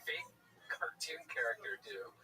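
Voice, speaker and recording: A man tossing quick joking asides during a live comedy show. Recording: distant mic with loud crowd.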